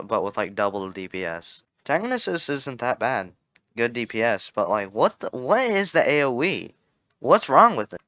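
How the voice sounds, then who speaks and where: A young man with a lowish, bright voice and a forceful, clean tone rambles casually through a game tier list, joking and often correcting himself. He sounds like a gaming YouTuber, recorded on a dull lo-fi home mic with no echo.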